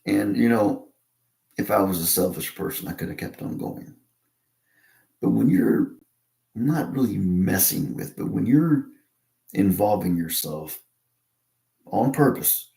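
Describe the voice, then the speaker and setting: A low-pitched American man with a gravelly, creaky edge rambles through a casual monologue. He stops and restarts often, padding his talk with fillers. His voice rings in a noticeably echoey room. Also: dark tone. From United States. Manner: halting, with many fillers and restarts.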